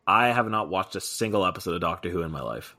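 An easygoing young man talking casually as a podcast co-host, with a somewhat low voice. He chats along freely, adding quick asides. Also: animated, bright, forceful tone. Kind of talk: casual chat.

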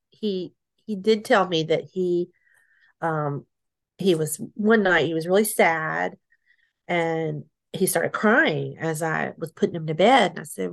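A middle-aged woman being interviewed, telling her story haltingly, with restarts, soft laughs and sighs. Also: on the low side, creaky. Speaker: interview guest.

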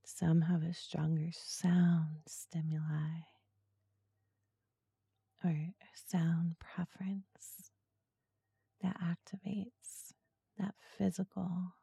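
A woman hosting a podcast in a soft, breathy, slow and seductive ASMR-style voice. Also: on the low side, no room sound, studio quality. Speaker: podcast host.

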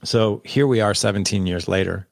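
A deep-voiced man tells a personal story in a candid, conversational way. His voice has a gravelly, fry-heavy texture, and the sound is dry and close. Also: normal speed, dry recording. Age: 40s. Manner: candid, conversational, quotes people in dialogue. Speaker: guest. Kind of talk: personal storytelling in a podcast interview.

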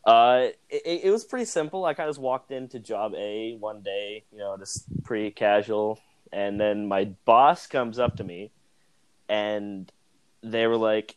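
A man's voice: fairly low pitch, unhurried, clean tone. A young man casually telling a work story on a podcast, rambling, with fillers and self-amused asides. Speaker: podcast co-host.

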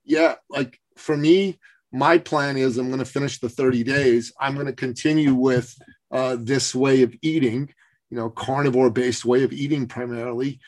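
A man's voice: medium pitch, fairly even intonation, normal speed, darkish tone. Earnest man in his fifties hosting. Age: 50s. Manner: earnest, frequent uh fillers. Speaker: podcast host. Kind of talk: casual interview chat.

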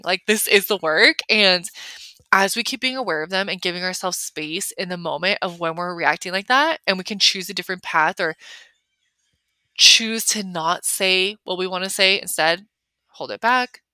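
A young woman hosts a solo podcast in a chatty, emphatic way, leaning on "like" all the time. Her voice sits a bit low but sounds bright and forceful. The recording is dry and close. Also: normal speed, no room sound. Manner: chatty, filler-heavy, emphatic with lots of "like". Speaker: podcast host. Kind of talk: casual solo podcast talk.

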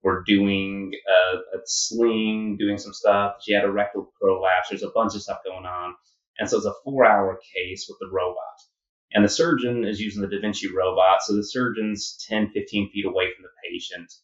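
Low-voiced man in an echoey room. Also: fairly even intonation, normal speed. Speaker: doctor. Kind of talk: casual storytelling. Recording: echoey, dull room sound.

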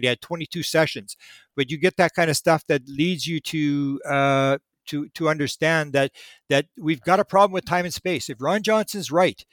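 A man's voice: on the high side, no echo. A man talking as a podcast guest, explaining in a casual, rambling way with many restarts and repeated words.

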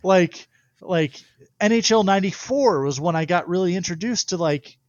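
Laughing young man telling pitching stories. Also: normal speed, dry recording, lo-fi sound. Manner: laughs through his stories, rambling restarts. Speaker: guest, professional pitcher. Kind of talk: casual storytelling interview.

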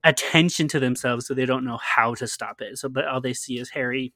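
A man's voice: medium pitch, fairly even intonation, a little fast, sharp tone, no room sound, studio quality. A man co-hosting a podcast, talking casually with lots of "like" fillers and frequent laughter. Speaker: podcast co-host. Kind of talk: casual chat.

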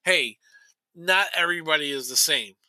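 A man's voice: a little high, moderate pace, pushed and bright, dry recording. A man in his forties chatting casually on a podcast, rambling with lots of fillers and restarts. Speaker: podcast co-host. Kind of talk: casual chat.

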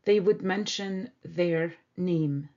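A woman teaching a beginners' French lesson, repeating each word slowly and carefully. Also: fairly low pitch, dark tone, muffled recording. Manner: slow, careful repetition of words. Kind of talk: slow language lesson.

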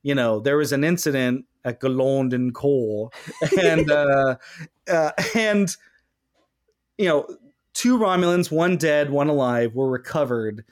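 A man hosting a casual podcast chat, animated and acting out quoted lines in mock voices. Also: medium pitch, slow pace. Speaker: podcast host.

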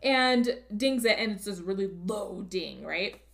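A woman on a podcast casually recapping a movie, animated and swearing freely. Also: mid-range voice, a little slow, gravelly. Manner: animated, profane storyteller. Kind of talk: casual chat.

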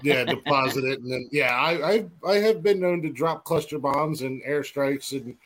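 A man's voice: medium pitch, moderate pace, fairly bright tone. A man co-hosts a casual podcast in an ordinary mid-range voice. He banters in a laid-back way, dropping curses offhand as he describes how he plays. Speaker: podcast co-host. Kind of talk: casual chat.

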